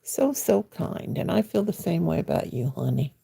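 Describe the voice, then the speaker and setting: Older woman, livestream host at home; low, gravelly, husky, folksy chat. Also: big pitch swings, moderate pace, warm tone. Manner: folksy, chatty, reads and answers viewer comments. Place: at home, sitting in her chair.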